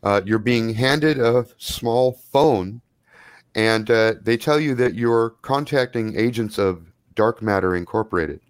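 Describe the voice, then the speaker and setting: A man narrating a tabletop role-playing game as game master, in a relaxed, loose way with plenty of fillers. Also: mid-range voice, unhurried, smooth, no echo, clean studio sound.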